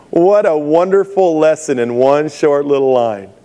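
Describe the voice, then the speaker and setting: A man's voice: on the high side, mellow. A middle-aged man preaching a sermon, telling stories with humor and laughing at his own jokes. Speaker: pastor.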